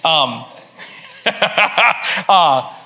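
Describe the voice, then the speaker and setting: This pastor's fairly high, animated voice draws out his words as he preaches in church. His sermon is chatty and joking, lurching from loud outbursts to quiet, sincere moments.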